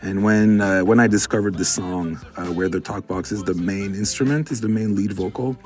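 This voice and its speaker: Low-voiced male musician in his forties from Montreal, storytelling interview guest. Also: normal speed, darkish tone, faint music behind. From Montreal, Canada. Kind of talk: casual interview answers.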